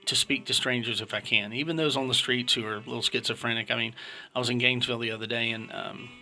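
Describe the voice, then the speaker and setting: A man in his late fifties talks straight to camera in a blunt, opinionated casual monologue. His voice is gravelly with a bright, forceful edge. Faint music sits behind him. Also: medium pitch, fairly even intonation, quick pace. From United States. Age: 50s. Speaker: vlogger.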